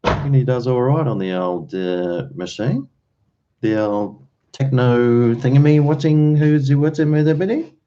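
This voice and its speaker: A man's voice: mid-range voice, moderate pace, dark tone. An Australian man hosting a late-night livestream, rambling in an easygoing way and chuckling between thoughts, on dull lo-fi stream audio. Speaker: livestream host.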